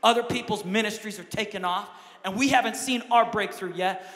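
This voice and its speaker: A young man preaching a lively sermon as pastor, swinging from quiet asides to loud shouts. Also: high voice, fairly quick, big-room sound. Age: young adult.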